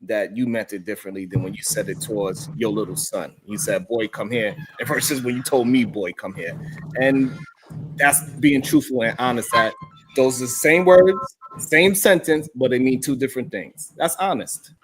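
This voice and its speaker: A man's voice: medium pitch, normal speed, faint music behind. A man co-hosting a casual livestream, reading viewer messages aloud and reacting to them emphatically. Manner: animated, reads super chats aloud with emphatic reactions. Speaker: co-host.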